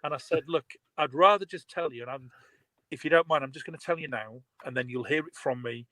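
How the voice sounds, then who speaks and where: A man's voice: mid-range voice, fairly quick, no echo, poor audio. A man, animatedly telling a story over a video call. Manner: animated storyteller, laughs often. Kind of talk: casual video call chat.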